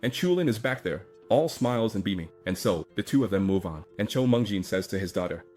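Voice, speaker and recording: Low-voiced man recapping a comic story. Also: lively intonation, a little fast, few pauses, a little mellow, soft background music. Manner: chatty retelling with many "and so" links and asides. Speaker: recap narrator. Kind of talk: casual story recap narration.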